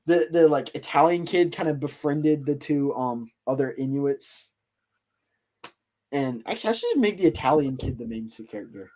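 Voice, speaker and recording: A man's voice: mid-range voice, a little mellow. A man hosting a podcast, casually telling a story in a loose, rambling way full of fillers. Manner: rambling, filler-heavy retelling. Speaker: podcast host.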